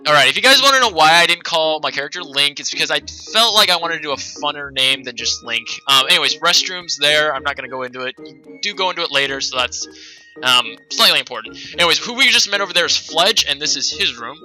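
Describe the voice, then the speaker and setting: A man's voice: on the high side, animated, quick pace, pushed and bright, soft background music, rough recording. A man giving casual video game commentary as the host, rambling with many fillers and asides. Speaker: let's play host.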